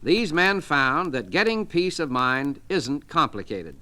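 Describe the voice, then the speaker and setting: A man reading an inspirational book aloud in a measured, soothing, deliberate way. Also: a little high, big pitch swings, bright, forceful tone. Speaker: narrator.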